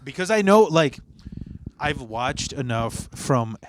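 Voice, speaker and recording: A man's voice: medium pitch, big pitch swings, takes it slowly, slight background noise. A man chatting casually on a podcast, rambling and swearing, with lots of fillers and restarts. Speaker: podcast co-host.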